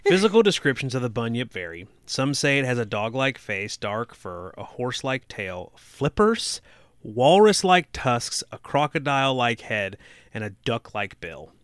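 Wisecracking young man with a bright voice. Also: medium pitch, very animated, moderate pace, dry recording. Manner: wisecracking, swears, dry jokes. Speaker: podcast co-host. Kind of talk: casual podcast chat and reading aloud.

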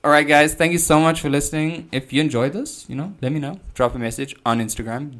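A man's voice: on the high side, a little fast, hardly any pauses, a bit bright. A man hosting his own podcast, telling a travel story in a casual, self-deprecating, joking way. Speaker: podcast host.

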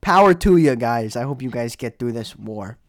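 A young man co-hosting a casual podcast chat, rambling through stories with lots of fillers and sudden drops and rises in loudness. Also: mid-range voice, lively intonation, moderate pace. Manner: rambling, filler-heavy storytelling with big swings in loudness. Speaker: podcast co-host.

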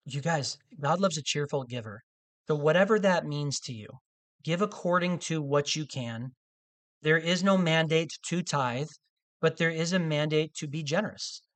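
A man's voice: a little high, a bit bright. A man. He talks in a loose, conversational way, breaking off and restarting his sentences. His asides keep the sermon sounding like everyday talk. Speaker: pastor.

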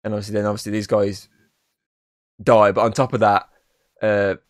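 A man's voice: on the low side, level tone, normal speed, no room sound, clean studio sound. A young man, chatting casually through a film recap, rambling and swearing, with "obviously" in nearly every sentence. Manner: rambling, says "obviously" constantly, swears freely. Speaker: podcast co-host. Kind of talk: casual film review chat.

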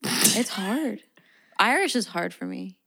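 A woman's voice: medium pitch, wildly swooping pitch, takes it slowly, vocal fry, pushed and bright, slightly rough. A young woman co-hosting a podcast in casual, playful chat, cheering on her co-host.

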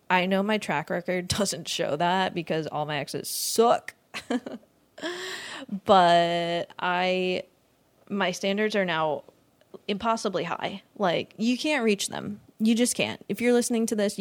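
A young woman in her twenties hosting a casual solo podcast, rambling and laughing often as she swears freely. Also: fairly low pitch. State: lightheaded from not eating. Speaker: podcast host.

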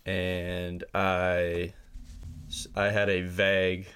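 A young man with a Wisconsin accent, a guest chatting on a podcast in a halting way, with many fillers and restarts. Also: sits low, completely flat delivery, fairly bright tone, clear, resonant tone. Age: young adult. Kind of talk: casual podcast chat.

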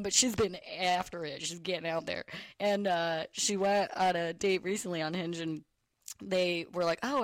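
A woman in her thirties hosting a podcast, bantering quickly and laughing often. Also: lowish voice, no room sound. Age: 30s. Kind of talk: casual chat.

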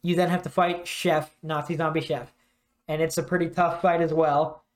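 A man's voice: on the high side, flat delivery, normal speed. A man co-hosting a podcast, casually rambling through a game's story and acting out bits of it. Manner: rambling retelling with acted-out quotes. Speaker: podcast co-host. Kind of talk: casual game discussion.

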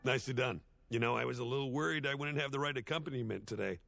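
A man voicing a washed-up male horse sitcom star, giving a rambling, sardonic, self-deprecating eulogy in an animated series. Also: medium pitch, rapid-fire, gravelly, no room sound, soft background music. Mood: awkward. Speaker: eulogy speaker. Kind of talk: animated series dialogue, comic monologue.

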